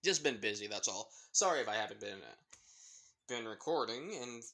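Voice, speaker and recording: A man's voice: lowish voice, expressive, moderate pace, creaky, sharp tone. A man casually narrating a fan story in a chatty, rambling way, often breaking off to comment. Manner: rambling, chatty, self-interrupting.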